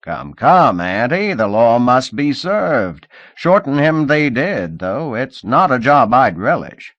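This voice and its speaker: Give me a man playing a loud, gossipy police sergeant with a folksy drawl, slightly higher than his own voice. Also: big pitch swings, dry recording, dull audio. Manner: loud, folksy, drawn-out lines.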